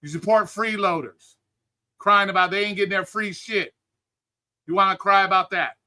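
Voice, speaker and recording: Angry streamer host, high tense voice, heated profane rant, calls out his chat. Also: normal speed, bright, forceful tone. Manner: angry, heated, swearing constantly; greets live chat viewers between rants. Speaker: livestream host.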